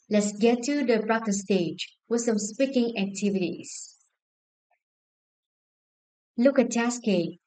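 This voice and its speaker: A woman with a Vietnamese accent teaching an English lesson, giving clear, encouraging instructions to a class. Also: medium pitch, darkish tone, rough recording.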